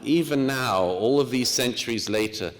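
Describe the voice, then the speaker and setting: A man from Britain giving a measured, storytelling lecture with quoted asides. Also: medium pitch, long reverb tail, a little hiss or hum. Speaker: speaker. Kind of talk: lecture talk.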